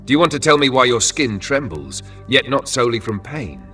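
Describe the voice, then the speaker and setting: A man voicing a cold, relentless male inquisitor in a dark fantasy story, speaking in a clipped way. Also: on the low side, moderate pace. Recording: voice from a distance with faint music.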